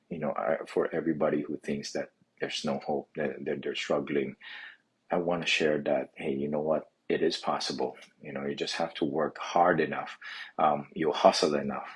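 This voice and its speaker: Very deep husky man, halting. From Philippines. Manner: halting, many restarts and "you know" fillers. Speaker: physical therapy clinic owner. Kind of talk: personal story monologue.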